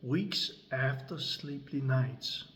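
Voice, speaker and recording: A man tells his own story in English at a very slow, measured pace. He leaves long pauses between short phrases, and his pitch sits in a middle range. A faint hiss of background noise stays under his voice. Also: fairly bright tone. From Denmark. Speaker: creator and coach.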